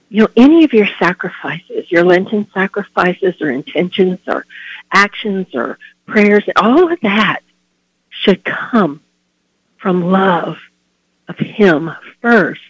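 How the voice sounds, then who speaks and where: A man giving a devotional Lenten talk as a Catholic preacher, earnest and heartfelt, letting his phrases trail off softly. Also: sits high, no room sound, dull audio.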